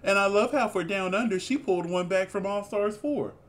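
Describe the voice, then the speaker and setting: A man co-hosting a casual review chat, animated and exclamatory, with sassy asides. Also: high voice, a little fast. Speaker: co-host reviewing a reality show.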